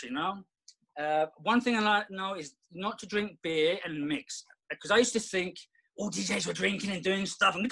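Middle-aged male guest, high voice, loose reflective chat with lots of restarts. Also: pushed and bright, slightly rough, poor audio. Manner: rambling, reflective, many restarts. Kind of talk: casual conversation.

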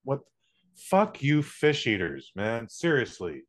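A man's voice: medium pitch, very animated, slow, a bit bright. A man co-hosting a casual podcast, ranting bluntly with plenty of swearing. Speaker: podcast co-host. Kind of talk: casual chat.

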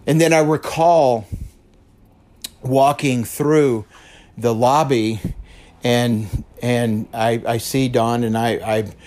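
Man, podcast host, earnest storytelling, repeats himself, medium pitch. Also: fairly even intonation, takes it slowly, long pauses, darkish tone. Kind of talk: personal storytelling monologue. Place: lives in West Texas.

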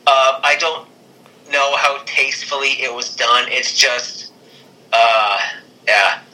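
Halting man with a very bright voice. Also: medium pitch, rough recording. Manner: halting, stammers and restarts. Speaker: podcast co-host. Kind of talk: casual chat.

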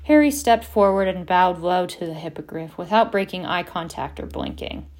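A woman narrating an audiobook at a steady pace and doing voices for the characters. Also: fairly low pitch, moderate pace. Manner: steady storytelling, reads several voices. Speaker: audiobook reader.

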